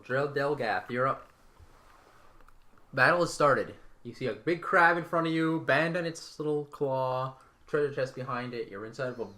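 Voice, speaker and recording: Bright-voiced man running a tabletop game. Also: mid-range voice. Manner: counts out damage aloud, casual and relaxed. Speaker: game master.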